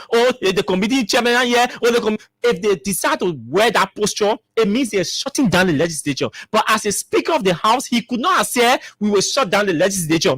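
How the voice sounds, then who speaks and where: A man's voice: very high voice, a bit bright, no room sound, studio quality. A man with a Liberian English accent hosts a talk show, giving emphatic political commentary full of repeated rhetorical questions.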